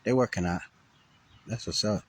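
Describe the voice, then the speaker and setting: A man's voice: lowish voice, moderate pace, breathy edge. A man telling a rambling, profane story on a casual outdoor livestream. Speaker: vlogger. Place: outdoors, riding around a graveyard.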